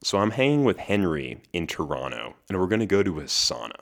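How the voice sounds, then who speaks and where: Very deep-voiced man telling a story. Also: sing-song, a little fast, gravelly. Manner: chatty, laughs between lines, restarts words. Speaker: podcast host. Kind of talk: casual solo storytelling.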